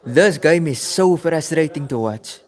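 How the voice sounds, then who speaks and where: A man's voice: fairly high pitch, animated, a little slow. Chatty South African man hosting a livestream. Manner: chatty, addresses viewers by name, repeats phrases. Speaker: livestream watchalong host. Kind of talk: casual livestream chat reading chat messages.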